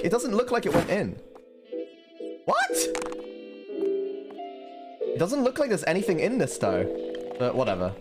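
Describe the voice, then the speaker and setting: A man's voice: sits high, huge pitch swings, measured pace, long pauses. Frantic, swearing young male streamer. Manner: frantic, swears a lot, yelps apologies in panic. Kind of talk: live gameplay commentary. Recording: game music playing underneath.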